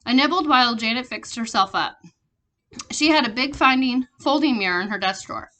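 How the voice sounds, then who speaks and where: A woman reading a children's chapter book aloud, steady with small slips and restarts. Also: fairly high pitch, brisk. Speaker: reader.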